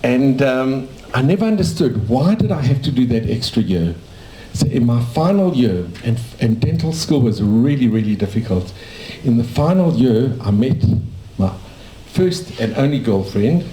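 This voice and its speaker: Older man from South Africa, dentist sharing memories, mellow voice, roomy cafe sound. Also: mid-range voice, big pitch swings, moderate pace, few pauses, a little hiss or hum. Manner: rambling, warm anecdotal storytelling with restarts. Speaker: dentist telling his life story. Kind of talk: casual storytelling to a small audience. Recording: echoey cafe room.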